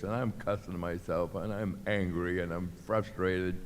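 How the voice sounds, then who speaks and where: An older man spins stories in a very deep voice, playing out each quoted line with lively shifts. The sound carries a long hall reverb over faint background noise. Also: a little slow. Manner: animated storyteller acting out quotes. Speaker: guest. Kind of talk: storytelling. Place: club venue with live audience.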